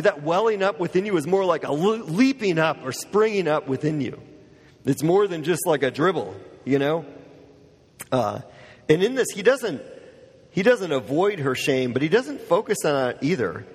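Male pastor, fairly high husky voice, chatty sermon delivery, long hall reverb. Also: animated, moderate pace. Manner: casual, conversational preaching with many fillers. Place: church.

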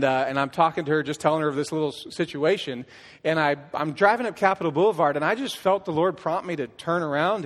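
A middle-aged man with a somewhat high voice shares his testimony as a worship leader, and he tells it as a lively story. He acts out conversations and restarts his sentences often. His voice carries a long reverb from a church hall. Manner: storytelling, acting out dialogue, frequent restarts. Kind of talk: personal testimony from a church stage. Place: church stage.

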